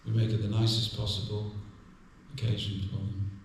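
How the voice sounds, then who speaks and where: A man giving a devotional class at a temple, telling stories with gentle humor. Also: fairly low pitch, completely flat delivery, moderate pace, slight background noise. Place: temple hall. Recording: echoey temple room from far off.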